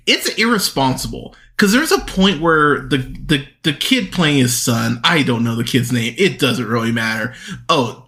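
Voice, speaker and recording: A man's voice: medium pitch, fairly bright tone. A man hosting a movie podcast, ranting profanely and with exasperation about bad films, often restarting his sentences. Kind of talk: solo movie review rant.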